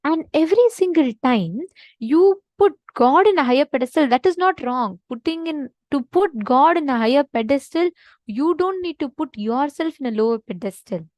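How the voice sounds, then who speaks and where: A woman's voice: high voice, animated, moderate pace, darkish tone, no room sound, low-quality recording. A woman leading a devotional teaching session, earnest and emphatic, often repeating her main points. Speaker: spiritual teacher.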